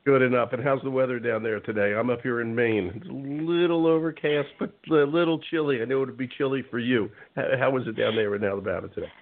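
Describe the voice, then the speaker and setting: A man hosting a casual radio talk show, chatty and rambling, spelling out web addresses slowly. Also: medium pitch. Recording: phone-like narrow band.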